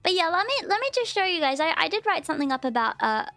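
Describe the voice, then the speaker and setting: A woman with an Australian accent chats with her stream in a high, lifted voice. She rambles and restarts her sentences often. The mic is close and dry, and soft music plays faintly underneath. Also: sing-song, quick pace, no echo. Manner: chatty and rambling, lots of restarts. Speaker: VTuber streamer. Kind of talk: casual livestream chat.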